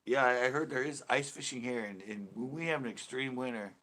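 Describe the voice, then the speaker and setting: Speaking fairly quickly at a medium pitch with a sharp tone, this man runs a casual fishing live stream from California. He jokes around, rambles on to his viewers, and laughs a great deal.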